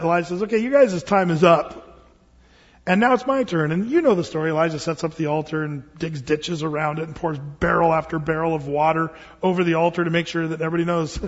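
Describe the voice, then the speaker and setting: A man's voice: fairly high pitch, breathy edge. A man, a pastor, preaching a sermon in a conversational, humorous storytelling manner. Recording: reverberant hall, dull lo-fi sound.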